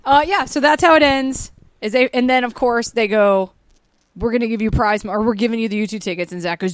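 A woman's voice: on the high side, a little fast, dry recording. A woman hosting a comedy podcast, chatting casually, laughing often and acting out quotes. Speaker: podcast host.

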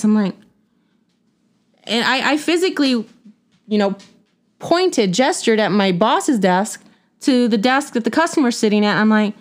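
A woman's voice: a little high, a little fast. Blunt, exasperated woman ranting about customers. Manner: blunt, swears freely, animated and exasperated. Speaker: podcast host. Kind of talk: casual storytelling rant.

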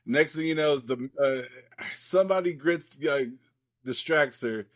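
A man's voice: fairly high pitch, a little slow, dry recording, studio quality. A man co-hosting a podcast, casually recapping a comic book in a loose, rambling way, swearing freely and leaning on lots of fillers. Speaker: podcast co-host.

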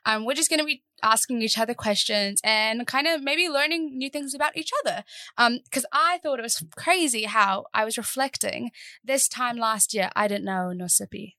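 A woman's voice: on the high side, normal speed, bright, forceful tone, no room sound. A woman, co-hosting a podcast with teasing, wry casual chat. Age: 20s. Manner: teasing and wry, lots of laughter. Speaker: podcast co-host. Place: podcast studio.

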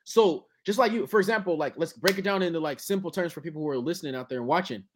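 Emphatic high-voiced man in casual chat. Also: quick pace, slight background noise. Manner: emphatic and animated, acts out quoted voices. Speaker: guest musician.

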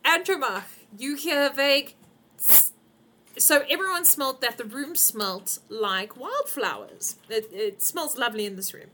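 A woman runs a tabletop game as game master and describes a lavish room piece by piece. Her voice is bright and forceful, and she pauses often with ums. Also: high voice, expressive, a little hiss or hum.

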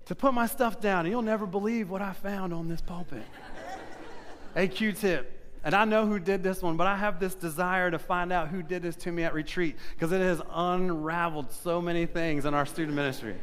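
A male pastor giving a sermon to his congregation, telling lively personal stories with self-deprecating humor. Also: a little high, long reverb tail. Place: church sanctuary.

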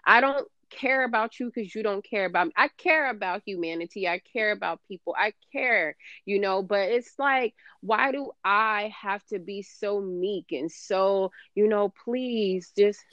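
A woman's voice: medium pitch, measured pace, hardly any pauses, bright, forceful tone, dry recording, highs cut off. A woman co-hosting a podcast in casual chat, talking emphatically and profanely, rambling with many fillers. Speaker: podcast co-host.

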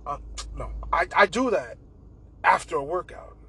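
A man's voice: on the high side, expressive, moderate pace, pushed and bright, breathy edge, rough recording. A young man hosting a casual podcast monologue, rambling and swearing and saying "bro" a lot. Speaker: podcast host.

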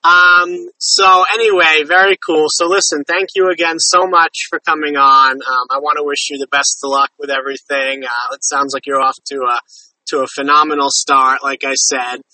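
Bright, friendly podcast host man. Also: a little high, level tone, normal speed, no room sound, recorded from a distance, rough recording. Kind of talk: casual interview chat.

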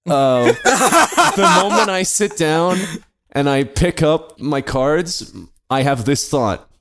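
A man's voice: fairly high pitch, expressive, slow, fairly bright tone. Young man telling a profane story. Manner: profane, laughing, acts out voices in quotes. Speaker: storyteller among friends. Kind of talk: casual storytelling.

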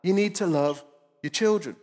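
Brief: male lead pastor, 30s, high voice, chatty joking sermon, long church-hall reverb. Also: normal speed, a little mellow, faint music behind. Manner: conversational, joking, self-deprecating preaching. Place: church auditorium.

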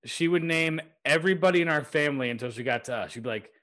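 A young adult man co-hosting a podcast, rambling through anecdotes in a relaxed casual chat with frequent laughs. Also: on the high side, fast talker. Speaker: podcast co-host.

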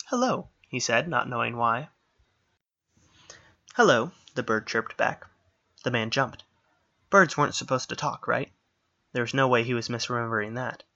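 A man narrating a scripted fantasy story in a steady storytelling manner. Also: medium pitch, creaky, dull audio.

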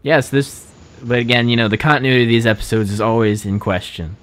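A man's voice: medium pitch, fast, fairly bright tone. A young man co-hosting a casual podcast chat, rambling with lots of fillers and frequent laughter. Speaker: podcast co-host.

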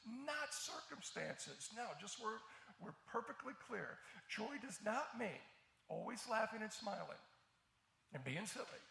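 High, gravelly impassioned preacher man. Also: roomy sound. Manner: impassioned, swings between quiet and shouted peaks. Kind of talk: sermon.

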